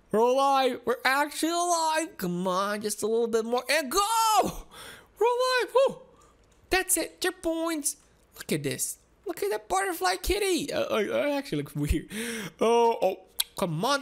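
A woman giving excitable, giggly commentary while playing through a game, with frequent exclamations. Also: high voice. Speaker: gaming video host. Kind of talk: playthrough commentary.

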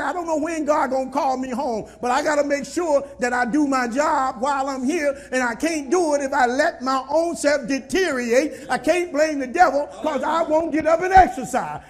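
High-voiced preaching man. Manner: repetitive, scolding preaching to the congregation, at times shouting. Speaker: pastor. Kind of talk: sermon.

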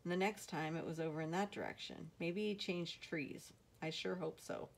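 An earnest young boy, unsure and a little anxious, as a woman reads him aloud in a storybook. He speaks sincerely and simply, with a voice pitched slightly low. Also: fairly even intonation, moderate pace, gravelly. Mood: uncertain. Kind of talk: audiobook reading.

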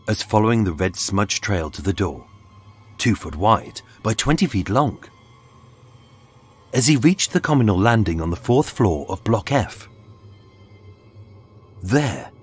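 Husky, low-voiced male true-crime narrator; dramatic, lively pitch, measured scripted delivery. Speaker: podcast narrator. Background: faint music.

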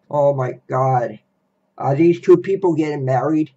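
A young man ranting slowly and repetitively in a reaction video. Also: fairly high pitch, mellow. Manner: slow, repetitive, grumbling. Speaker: vlogger. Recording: dull lo-fi recording.

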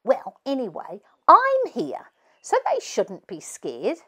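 Bossy big sister, teasing, higher girlish voice, woman reading it, storybook. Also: wildly swooping pitch, slow pace, pushed and bright, husky, heavily acted. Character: lively young girl, eldest sister.

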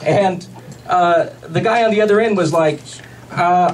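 Deadpan stand-up comic, distant in a noisy club. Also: male voice, sits high. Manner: deadpan one-liners with short pauses for laughs. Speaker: stand-up comedian. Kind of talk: stand-up comedy set. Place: comedy club stage with a laughing audience. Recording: distant club recording with loud crowd noise.

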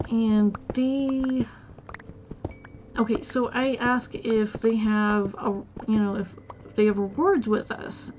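A woman streamer chats casually, rambling through a story with plenty of fillers and restarts. Her voice sits a little high and she speaks slowly. The sound is slightly muffled, with faint music playing underneath. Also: slight background noise.

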